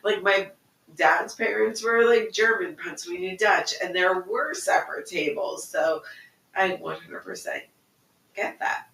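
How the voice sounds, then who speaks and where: Chatty, bright woman, off-mic and echoey. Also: mid-range voice, unhurried, vocal fry, far from the mic. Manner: chatty storyteller, laughs easily. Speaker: podcast co-host. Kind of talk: casual conversation. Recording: echoey, off-mic, faint background noise.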